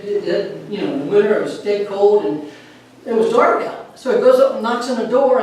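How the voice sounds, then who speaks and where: A woman telling humorous stories in a lively way, recorded from far off in an echoey room with faint noise. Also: fairly high pitch. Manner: lively, chuckles at her own punchlines. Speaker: storyteller.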